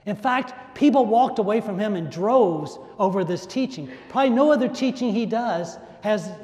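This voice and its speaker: He speaks high and animated at a moderate pace, his tone on the dark side. The man's emphatic homily fills an echoey large church, marked by repeated phrases for stress and a rising, falling delivery.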